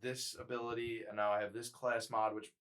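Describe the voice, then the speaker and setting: A man co-hosting a casual podcast, talking in an excited, rambling way, full of fillers and swearing. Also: mid-range voice, fairly quick. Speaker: podcast co-host.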